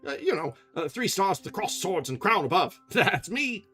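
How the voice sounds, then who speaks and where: A conceited young soldier, as a man reading a novel aloud puts him on, bragging in a breezy way. The voice is husky and swings lively in pitch. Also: normal speed, soft background music, full character voice. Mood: boastful. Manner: boastful, breezy.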